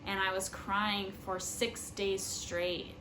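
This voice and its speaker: Earnest young woman vlogger, slow rambling advice talk, faint room hiss behind. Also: medium pitch, level tone. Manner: earnest, rambling, many fillers like "like" and "um". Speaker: spiritual vlogger. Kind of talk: casual personal advice talk.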